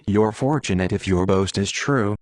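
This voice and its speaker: A grave, questioning priest speaks in a low, measured voice, read by a man narrating an audiobook. His tone is solemn and searching. The sound is dry and close. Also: darkish tone, no room sound, natural voice. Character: Italian-speaking male priest, probing, grave.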